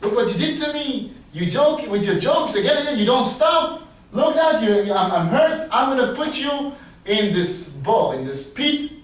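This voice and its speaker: A man's voice: sits high, lively intonation, unhurried. A man voicing a bad-tempered, commanding king, heard from a distant mic in a very echoey space. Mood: angry. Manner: loud and demanding.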